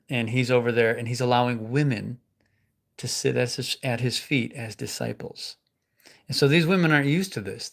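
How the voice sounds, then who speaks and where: A man's voice: medium pitch, fairly bright tone. A man preaching a sermon in church, in a conversational, emphatic way with frequent casual fillers.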